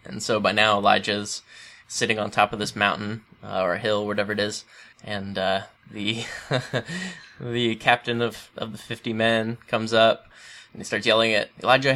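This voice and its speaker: A man co-hosting a casual chat, retelling stories with animated humor and laughter. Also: lowish voice, moderate pace. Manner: animated, laughing storyteller who acts out quotes.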